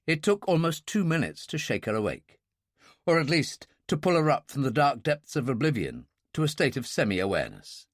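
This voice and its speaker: A man narrating a first-person thriller audiobook in a dry, measured, wry way. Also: medium pitch, big pitch swings, no room sound.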